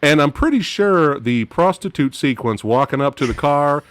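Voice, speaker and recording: Lively, laughing man reviewing films. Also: moderate pace. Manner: animated, laughing often, dropping low at phrase ends. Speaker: podcast host. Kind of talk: casual movie-review chat.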